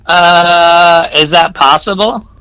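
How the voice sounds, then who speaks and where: A laid-back man chats as a stand-in co-host. He talks in a loose, slangy way. His voice sits a little high and sounds smooth and clear. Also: slow, sharp tone, no room sound, rough recording. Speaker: guest co-host, host's brother. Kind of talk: casual comedic chat.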